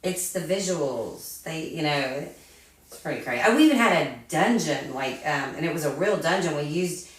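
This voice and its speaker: A woman's voice: sits low, lively intonation, normal speed. A woman co-hosting a casual chat, talking in a chatty way with many fillers. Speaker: co-host. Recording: echoey room, distant mic.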